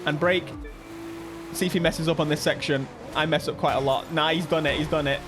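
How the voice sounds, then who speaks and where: A man with an English accent giving excitable live commentary on a racing game, often yelping and shouting. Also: fairly high pitch, fairly quick, faint music behind. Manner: excitable, bursts into yelps and shouts. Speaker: gaming YouTuber.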